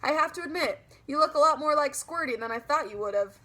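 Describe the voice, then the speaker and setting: Mother figure, stern and scolding, fairly high woman narrator doing it. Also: lively intonation, fast talker, pushed and bright. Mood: teasing. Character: exasperated mother, adult woman.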